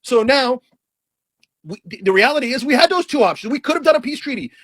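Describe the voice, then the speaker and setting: A man's voice: very high voice, expressive, a little fast, a bit bright, no echo. A man giving a heated, sarcastic, blunt political commentary rant.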